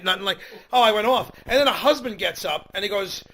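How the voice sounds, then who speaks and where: High bright-voiced comedian telling stories. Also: male voice, quick pace. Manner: animated storytelling, acts out quotes. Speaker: comedian co-host. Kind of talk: casual comedy radio chat.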